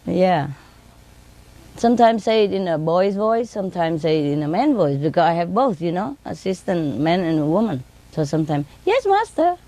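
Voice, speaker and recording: Chatty woman with slightly low voice. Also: moderate pace, dark tone. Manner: chatty, laughs often, mimics her birds in a high voice; non-native English grammar. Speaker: bird owner telling stories. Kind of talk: casual storytelling.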